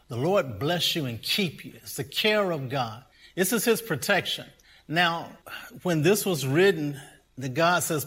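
A middle-aged man preaching a sermon, repeating phrases and building from calm teaching to excited, near-shouting praise. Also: fairly high pitch. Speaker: pastor.

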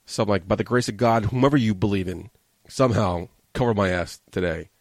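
Fast-talking gravelly New man. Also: lowish voice, darkish tone, dry recording. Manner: profane, agitated and rambling. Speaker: podcast host. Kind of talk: casual storytelling rant. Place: studio.

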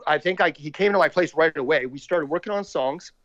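A man, a musician and podcast guest, telling a story in a casual, animated way and slipping into voices for the people he quotes. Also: on the high side, dry recording. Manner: animated, acts out other people's lines in quick changing voices. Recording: dry, slightly dull lo-fi sound.

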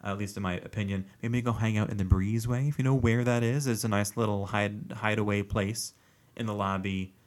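A man's voice: on the low side, fairly even intonation, brisk. A man co-hosting a casual podcast, chatty and self-mocking, rambling with fillers as he shares ideas. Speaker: podcast co-host. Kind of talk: casual chat.

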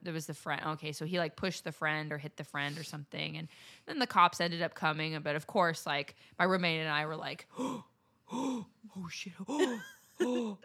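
A woman's voice: deep voice, fairly even intonation, fairly quick, pushed and bright. A young adult woman, a podcast co-host, in loose casual chat, laughing often and talking with many fillers.

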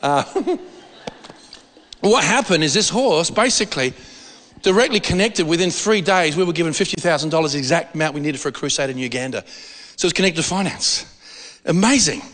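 A man preaching a sermon, telling a story with lots of laughter and excitement. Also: a little high, fairly quick, long pauses, long reverb tail.

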